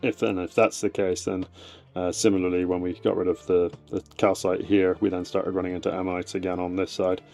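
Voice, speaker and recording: A man's voice: deep voice, little pitch movement, a little fast, gravelly, a little mellow, faint music behind. A man casually explaining fossil preparation on a live stream from his shed, rambling with many fillers, his voice fading as he moves away from the desk mic. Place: home shed workshop. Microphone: desk mic, voice fades as he moves away.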